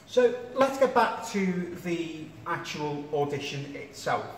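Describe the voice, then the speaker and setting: A man's voice: a little high, very animated, takes it slowly. A man hosting an interview, asking long-winded, jokey questions. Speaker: interviewer, host. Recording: echoey room, distant mic, faint noise.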